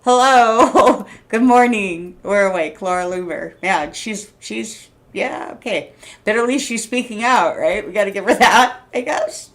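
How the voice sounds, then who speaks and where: A woman talking to camera at home in a loud, rambling, chatty way and laughing often. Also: mid-range voice, a little slow. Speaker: vlogger. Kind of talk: casual talking vlog.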